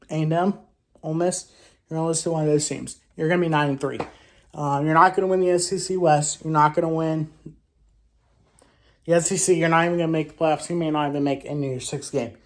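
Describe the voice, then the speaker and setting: A woman hosting a casual sports commentary vlog. She trash-talks in an animated way, with loud exclamations, rhetorical questions and frequent restarts. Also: deep voice, brisk, pauses often. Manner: frequent restarts and self-corrections. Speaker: sports show host.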